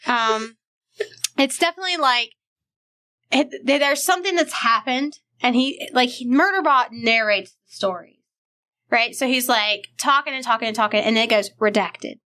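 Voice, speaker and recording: A woman's voice: sits high, moderate pace, bright, forceful tone. A woman hosting a library podcast, chatting casually and enthusiastically about books, laughing often. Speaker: podcast host. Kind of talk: casual book chat.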